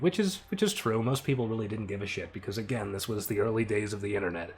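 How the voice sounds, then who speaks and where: A man's voice: on the low side, expressive, quick pace, few pauses. A young man giving a casual creator commentary on his own animation, offhand and self-mocking, often laughing and swearing.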